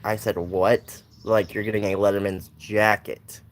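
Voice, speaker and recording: A man's voice: on the low side, flat delivery, measured pace. A young man telling a personal story in a casual, rambling way, with lots of restarts and side notes. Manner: rambling, with many restarts and asides.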